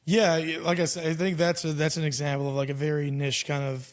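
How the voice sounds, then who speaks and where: Young man, podcast host, slightly higher voice, easygoing, swears a lot, says dude and like constantly. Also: flat delivery, fast. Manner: laid-back, profane, heavy on "dude" and "like". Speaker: podcast host and comedy show booker. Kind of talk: casual chat.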